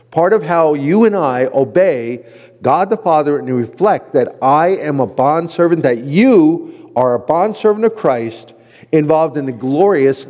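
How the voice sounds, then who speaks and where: A man's voice: on the high side, a little mellow. Man preaching in a reverberant hall. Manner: earnest, repeats key phrases for emphasis. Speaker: pastor teaching a men's class. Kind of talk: sermon-style lesson.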